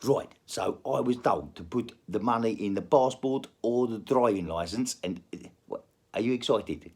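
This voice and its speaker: Man, rambling comic vlogger, gravelly and husky voice, swears freely. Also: mid-range voice, normal speed, darkish tone. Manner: chatty, swears a lot, many restarts. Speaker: vlogger telling a story.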